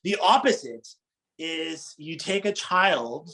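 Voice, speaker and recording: Middle-aged male preacher, fairly high voice, informal, asks the crowd questions. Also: lively intonation, slow pace, bright, forceful tone, rough recording. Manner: engaging, asks the audience questions, laughs lightly. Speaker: Islamic preacher. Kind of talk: conversational religious talk to an audience.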